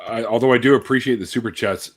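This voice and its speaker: A man's voice: mid-range voice, fairly even intonation, fast, crowd noise. A man hosting a casual group chat, laid-back and joking, with casual swearing. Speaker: channel host.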